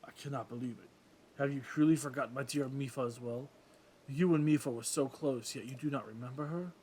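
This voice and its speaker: A grand old fish-folk king speaks in formal, courtly phrases, as a man reads his part in a let's play. The voice sits at an ordinary middle pitch. A faint hiss runs underneath. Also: fairly quick, a little mellow, lightly acted. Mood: regal.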